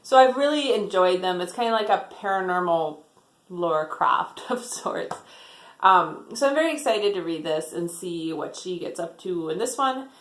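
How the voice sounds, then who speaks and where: A woman's voice: lowish voice, lively intonation, normal speed, roomy sound. A woman chatting casually about her book haul, rambling, with lots of "like" and "um". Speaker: book vlogger.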